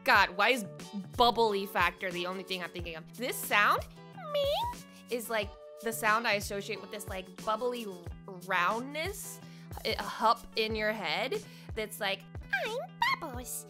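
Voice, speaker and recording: A woman's voice: mid-range voice, a little slow, music in the background. A young woman who is an impressionist, giving playful, bubbly feedback on viewers' voice impressions. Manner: bubbly, animated, playful critique. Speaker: impressionist reviewing viewer submissions. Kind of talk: casual chat.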